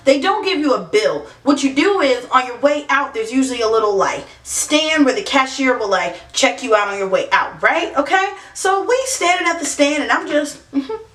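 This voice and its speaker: A woman vlogger telling funny dating stories in a sassy, animated way, with many asides. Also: high voice. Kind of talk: comedic storytelling to camera. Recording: echoey room, mic at a distance.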